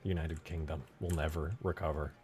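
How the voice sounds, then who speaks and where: Working on a game mod on stream, this American man mutters to himself, jokes with chat and bursts into excited yelps. His very deep voice moves fairly quickly over soft background music.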